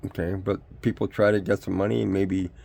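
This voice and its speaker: A man's voice: low-pitched, level tone, a little fast, gravelly, a little mellow. An older man, ranting in a rambling vlog monologue full of rhetorical questions. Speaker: vlogger.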